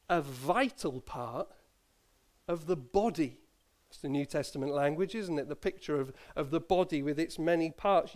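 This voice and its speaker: Chatty preacher, slightly high voice. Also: male voice, lively intonation, normal speed. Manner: conversational, self-deprecating, with asides and small laughs. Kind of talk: sermon. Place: church.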